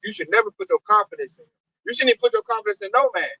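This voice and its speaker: A man's voice: extremely high pitch, wildly swooping pitch, very fast, vocal fry, bright, forceful tone, dry recording, recorded from a distance, low-quality recording. A man hosting a religious discussion, ranting animatedly with lots of slang and repetition. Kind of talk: preachy religious talk.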